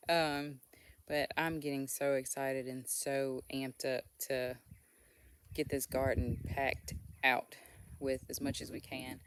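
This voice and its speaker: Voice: medium pitch, clean tone. A homestead vlogger giving a casual, upbeat walking tour of a home garden outdoors, chatty with small laughs.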